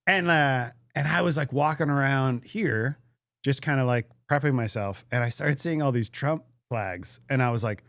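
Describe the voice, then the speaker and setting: A man telling a story as a guest comedian in a casual podcast chat, animated and profane. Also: mid-range voice, normal speed, no room sound, clean studio sound.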